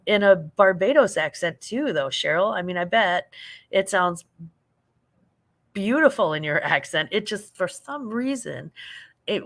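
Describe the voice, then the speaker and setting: A woman's voice: mid-range voice, a bit bright. An American woman hosting a casual late-night livestream, chatting with viewers, reading their comments and laughing often. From United States. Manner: chatty, laughs often, reads chat aloud. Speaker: livestream host.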